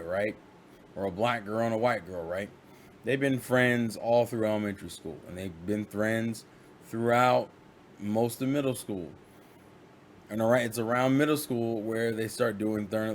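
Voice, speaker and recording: A man vlogging in a casual monologue, rambling and animated, often restarting and acting out quotes. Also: lowish voice, a little hiss or hum.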